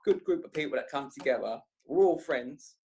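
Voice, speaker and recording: A young man, telling rambling, animated stories in a casual podcast chat. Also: mid-range voice, moderate pace, a little hiss or hum. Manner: rambling, animated, slangy storyteller. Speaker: podcast guest.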